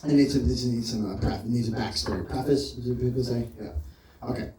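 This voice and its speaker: A man performing a stand-up comedy set, rambling and excitable, breaking into loud act-outs. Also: mid-range voice, brisk, recorded from a distance, a little hiss or hum. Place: comedy club stage. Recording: roomy live club, off-mic, crowd laughter.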